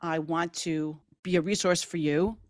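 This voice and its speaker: A middle-aged woman hosting a podcast, telling stories in animated casual conversation and laughing often. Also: fairly low pitch, normal speed, dry recording, clean studio sound. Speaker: podcast host.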